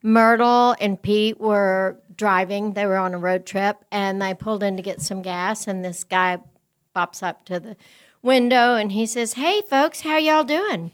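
A woman's voice: mid-range voice, steady tone, measured pace, clear, resonant tone. A woman in her sixties co-hosting a podcast, chatting casually and telling jokes with voiced characters, laughing often. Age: 60s. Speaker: podcast co-host. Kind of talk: casual chat.

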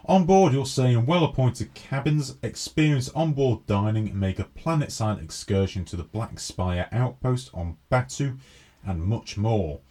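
A man's voice: medium pitch, darkish tone. Man co-hosting a chatty podcast. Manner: reads news aloud, then jokes and acts out skits. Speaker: podcast co-host. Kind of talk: casual chat.

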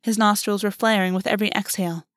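A woman's voice: medium pitch, fairly even intonation, fast, no echo. Woman reading fiction aloud, dry sound. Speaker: audiobook narrator. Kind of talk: scripted narration.

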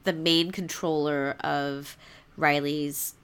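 A young adult woman co-hosting a casual chat, talking fast with frequent laughs as she leads the discussion. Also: sits low, flat delivery, a bit bright, clean tone. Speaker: podcast co-host.

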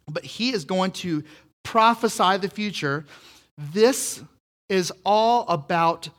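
A man preaching a sermon, animated and building to loud peaks when he gets excited. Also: high voice. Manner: animated, rising to near shouts when excited. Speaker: pastor.

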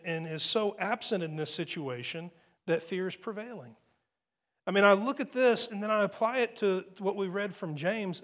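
A man preaches a sermon in an easy, talky way, his voice sitting a little higher than most men's. He often restarts phrases and leans on rhetorical questions as he works through his point. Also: a bit bright. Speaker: pastor.

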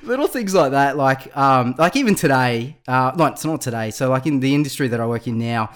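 Aussie guy rambling casually on a podcast, keeps laughing at his own bits, mid pitch. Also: fairly quick. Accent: Australian. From Australia. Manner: chatty and animated, laughs at his own stories. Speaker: podcast panelist. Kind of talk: casual roundtable chat.

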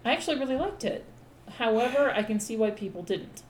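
A woman's voice: on the high side, animated, fairly quick, reverberant, a little hiss or hum. A woman co-hosting a casual podcast chat, blunt and opinionated, swearing freely. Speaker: podcast co-host.

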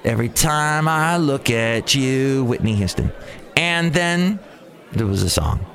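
A man hosting a solo podcast, rambling in an animated, exasperated way and going off on tangents. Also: medium pitch, unhurried. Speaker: podcast host. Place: outdoors by a cafe.

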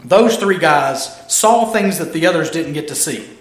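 A man's voice: a little high, expressive, a little slow. A man preaching a casual, humorous sermon, telling the story animatedly and acting out the characters. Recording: roomy echo.

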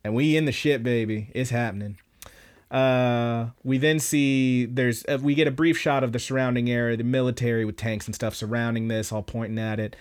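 A man's voice: mid-range voice, fairly even intonation, moderate pace, clean tone. A man on a podcast casually retelling an anime episode, loose and profane, with lots of fillers. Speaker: podcast host.

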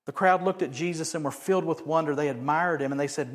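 A man preaching a sermon, animated, swinging from loud emphatic bursts to quiet joking asides. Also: on the high side, quick pace, hardly any pauses. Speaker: pastor.

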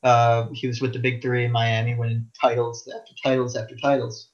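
A young man co-hosting a podcast, talking sports bluntly and quick to disagree, with stammered restarts. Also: medium pitch, flat delivery. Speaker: podcast co-host. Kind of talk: casual sports chat. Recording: dull lo-fi audio.

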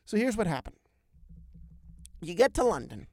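A man hosting a podcast, telling a travel story in a lively, animated way with big swings in pitch and loudness. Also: normal speed, no room sound, clean studio sound. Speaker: podcast host. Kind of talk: casual storytelling chat.

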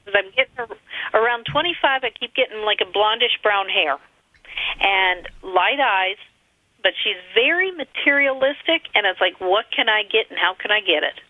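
A woman's voice: medium pitch, expressive, moderate pace, dry recording. A woman calling in as a psychic over the phone, talking hesitantly, repeating herself and giggling between readings. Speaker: psychic caller. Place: her home. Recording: tinny muffled phone line.

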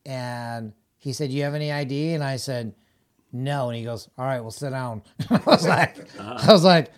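A man's voice: mid-range voice, normal speed. A middle-aged man chatting casually as a guest, telling rambling stories with laughs and acted-out quoted voices. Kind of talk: casual storytelling chat.

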